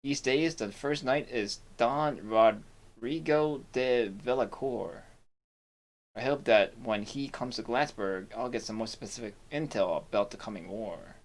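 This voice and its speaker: A man voicing a gruff, weary middle-aged male city sheriff in a fantasy game, reading the lines stiffly and stumbling over words. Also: medium pitch, unhurried, close to an everyday voice.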